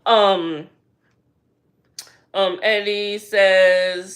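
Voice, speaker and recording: A woman vlogger giving a casual, animated recap with slangy talk and lots of rhetorical asides. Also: medium pitch, takes it slowly.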